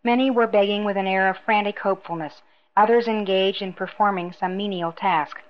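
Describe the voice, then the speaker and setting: A woman reading a novel aloud in a measured, even narration. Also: medium pitch, dull audio. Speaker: audiobook narrator. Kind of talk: scripted narration.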